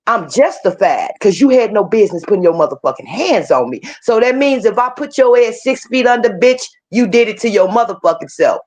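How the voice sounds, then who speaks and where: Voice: medium pitch, very animated, brisk, few pauses, darkish tone. A co-host in a casual talk, speaking frankly and emphatically, with a lot of swearing. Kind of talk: casual chat.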